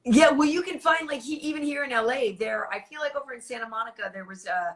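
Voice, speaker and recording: A woman host leads a casual interview with quick follow-up questions. She speaks a little higher than most women and drops in "like" and "you know" as she goes.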